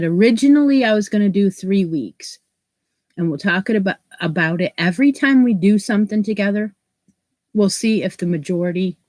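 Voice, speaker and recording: A woman's voice: lowish voice, darkish tone, no echo. Stuffy-nosed chatty woman livestream host. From New York State, US. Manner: chatty, greets viewers by name. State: stuffed up from allergies. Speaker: crochet channel host. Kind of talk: casual live-stream chat.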